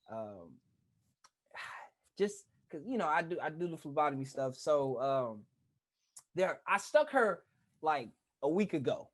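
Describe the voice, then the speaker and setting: A woman co-hosting a podcast, a chatty storyteller in casual conversation who laughs often. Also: sits low. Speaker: podcast co-host. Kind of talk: casual chat.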